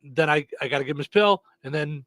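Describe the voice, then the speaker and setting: A man's voice: on the high side, fast talker, a bit bright, no echo. A man hosting a morning radio show, chatting casually with lots of fillers and restarts. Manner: rambling, many fillers and restarts.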